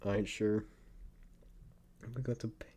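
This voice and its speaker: Slow-talking laughing stream co-host. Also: mid-range voice, fairly even intonation, mellow, husky. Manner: laughs a lot, swears, says "yo". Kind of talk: casual livestream chat.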